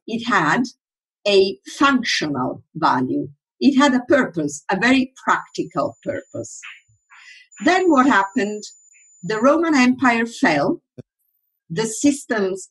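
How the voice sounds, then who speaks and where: A woman's voice: mid-range voice, breathy edge, poor audio. A woman giving a workshop lecture in English, her first language Italian, who often asks the audience questions and then answers them.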